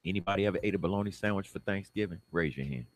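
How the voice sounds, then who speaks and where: A man from the Detroit area telling a personal story in a casual, animated way and acting out the people in it. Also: low voice, very fast. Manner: animated, acts out the people in his story, laughs.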